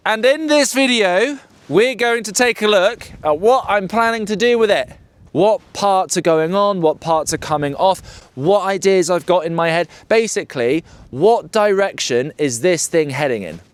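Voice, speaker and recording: Jokey British bloke, slangy banter. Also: male voice, a little high, dry recording. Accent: British English. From United Kingdom. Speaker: motorbike vlogger. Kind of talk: casual chat to camera.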